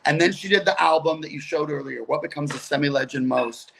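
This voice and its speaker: Slight background noise sits behind this middle-aged guest comedian, whose voice is on the high side and creaky. He tells animated, chatty stories over a video call with rapid asides.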